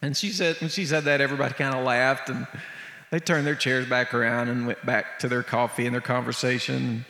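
A man's voice: medium pitch, level tone, brisk, sharp tone. A man preaching in a church, telling a story in a conversational, vivid way. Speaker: preacher and musician. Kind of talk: storytelling sermon. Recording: echoey hall, long reverb.

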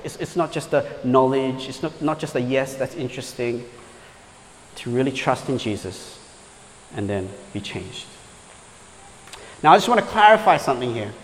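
A man's voice: medium pitch, a little hiss or hum. A man preaching a conversational sermon, often checking in with "right?" as he explains. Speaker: pastor. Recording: long hall reverb.

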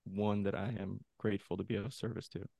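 Low-voiced man, gravelly and earnest. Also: flat delivery, a little fast, warm tone, no room sound. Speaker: movement coach. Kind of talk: podcast interview guest.

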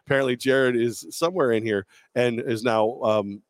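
A man's voice: mid-range voice, moderate pace, dry recording. Rambling self-deprecating man on a podcast. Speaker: podcast co-host. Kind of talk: casual storytelling chat. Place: bar or venue, live show.

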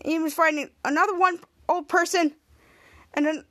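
Woman, podcast host, casual recap, rambling restarts, very high voice. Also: steady tone, a little fast, fairly bright tone. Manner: rambling, with frequent restarts and repeated "cut to". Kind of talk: casual episode recap narration.

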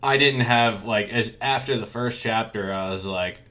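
A man's voice: on the low side, moderate pace, sharp tone. A man co-hosting a casual podcast chat, rambling with many restarts and some casual swearing. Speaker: podcast co-host. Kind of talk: casual chat about a manga.

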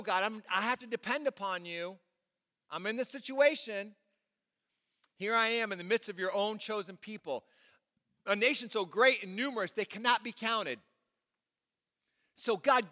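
A pastor preaches in a bright, forceful voice that sits high for a man. He speaks conversationally, throws questions to the congregation and acts out quoted prayers. His voice rings with long reverb in a church auditorium. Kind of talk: sermon.

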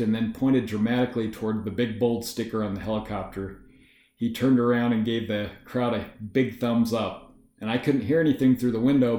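A man giving first-person story narration in a measured, matter-of-fact way. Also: on the low side, darkish tone. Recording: roomy echo.

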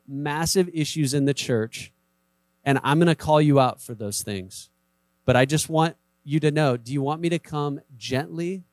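A man's voice: mid-range voice, a little mellow, dry recording. A man preaching a sermon as a pastor, talking conversationally and acting out short quoted voices. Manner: conversational, acts out quoted voices, emphatic repetition.

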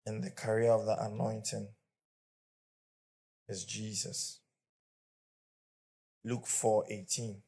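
A man preaches to a congregation in a fairly low voice. He leads call-and-response with the crowd and speaks emphatically, breaking into laughter now and then. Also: flat delivery, takes it slowly, pauses often, warm tone, husky. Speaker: pastor. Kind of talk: sermon. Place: church before a congregation.

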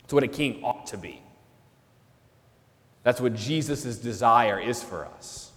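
A man's voice: medium pitch, lively intonation, unhurried, fairly bright tone, in a large hall. A man, a priest, preaching a sermon in an earnest way and repeating key phrases for emphasis.

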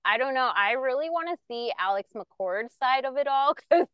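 A young woman co-hosting a casual gossip podcast, chatty and quick to laugh, often reminding listeners that the stories are alleged. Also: sits high, animated, clear, resonant tone, no echo, lo-fi sound. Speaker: podcast co-host. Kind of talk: casual pop-culture gossip chat.

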